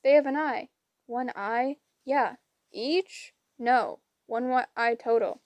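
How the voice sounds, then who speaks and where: A woman's voice: a little high, takes it slowly, a little mellow, no room sound. A woman voicing a confident teenage girl who explains things matter-of-factly. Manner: matter-of-fact.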